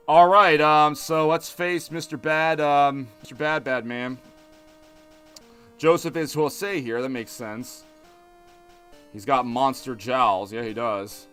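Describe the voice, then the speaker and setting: A man's voice: mid-range voice, steady tone, slow pace, fairly bright tone, clean tone, soft background music. A man in his thirties streaming a game, chatting in a loose, rambling way full of restarts. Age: 30s. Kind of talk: casual let's-play chat.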